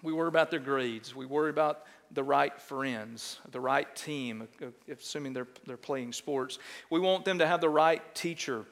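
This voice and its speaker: A middle-aged pastor with a Texan accent, preaching a sermon and telling a self-mocking story in an animated way, often checking in with "right?". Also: male voice, mid-range voice, normal speed. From Texas. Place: large church sanctuary. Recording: long church hall reverb.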